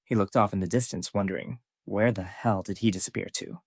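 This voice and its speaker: A man narrating a scripted story recap in a steady storytelling way. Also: fairly low pitch, brisk, no echo, studio quality.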